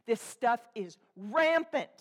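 A woman preaching a sermon to a congregation, swinging between loud exhortation and hushed, intense asides. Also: a little high, expressive, slow. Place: church room with a congregation.

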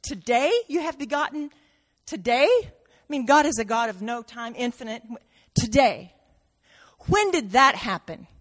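A woman preaching a sermon with great drama, dropping to near-whispers and rising to shouts. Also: a little high, lively intonation, a little slow, big-room sound. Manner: dramatic, swings from soft to shouting, acts out quotes.

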